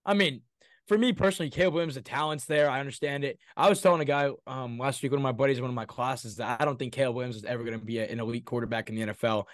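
A man's voice: medium pitch, very fast, no echo, clean studio sound. A young man co-hosting a casual sports podcast, ranting heatedly and swearing freely. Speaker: podcast co-host.

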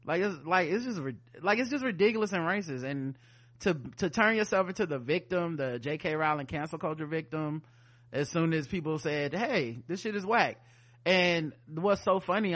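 Chatty man with a higher voice. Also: normal speed. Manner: animated, rambling, lots of fillers and asides. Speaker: podcast host. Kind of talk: casual chat.

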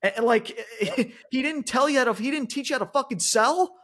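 A man's voice: extremely high pitch, moderate pace, a bit bright. A man co-hosting a wrestling podcast, ranting in casual, profane chat, with lots of "like" and restarts. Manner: frequent fillers and restarts like "like".

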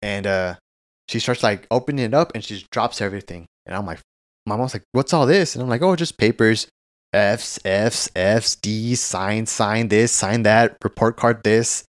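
A man's voice: on the low side, steady tone, normal speed, no room sound, clean studio sound. A man co-hosting a casual podcast, telling a long childhood story with lots of swearing and acted-out quotes. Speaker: podcast co-host.

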